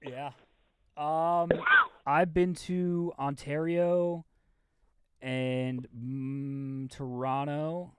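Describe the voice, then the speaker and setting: A man runs a late-night call-in stream with loose, foul-mouthed joking. His voice is smooth and a touch high. He sounds tired, and the recording is dry and close. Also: fairly even intonation, extremely slow, darkish tone, no room sound. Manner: loose, joking, swears freely. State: tired, losing steam. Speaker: host taking live calls.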